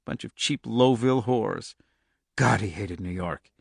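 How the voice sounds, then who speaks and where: A man reading a novel aloud in steady scripted narration. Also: lowish voice, unhurried, gravelly, slightly rough, dry recording, studio quality. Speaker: audiobook narrator.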